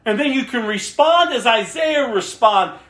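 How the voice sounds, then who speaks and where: A woman's voice: fairly high pitch, animated, unhurried, fairly bright tone. A woman preaching a sermon, emphatic, acting out the prayers she quotes. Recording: roomy echo.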